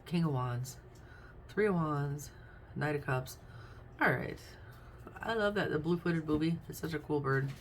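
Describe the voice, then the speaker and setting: A woman's voice: low voice, measured pace, long pauses, a little hiss or hum. A woman doing a casual tarot reading, chatty and thinking aloud as she names each card. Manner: chatty, thinks aloud while naming cards. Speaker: tarot reader.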